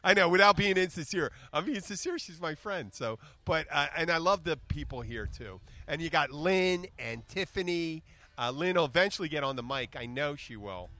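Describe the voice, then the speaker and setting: A man's voice: a little high, expressive, moderate pace, sharp tone, no echo. A man hosting a casual chat, joking and teasing as he talks over the others. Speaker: podcast host.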